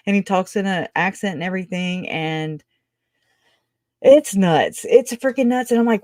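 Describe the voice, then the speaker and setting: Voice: medium pitch, unhurried, no room sound, clean studio sound. A true crime channel host giving casual livestream commentary, rambling through tangents and laughing often.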